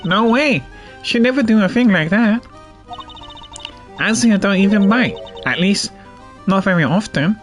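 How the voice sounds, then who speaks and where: A man's voice: sits high, expressive, a little slow, pauses often, fairly bright tone, soft background music. A man voicing a bubbly, cutesy young woman animal tamer in a nasal, sing-song voice for game dialogue.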